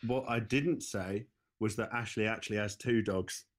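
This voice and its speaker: A man's voice: lowish voice, normal speed. Dry-joking British man co-hosting. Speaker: podcast co-host. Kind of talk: casual chat.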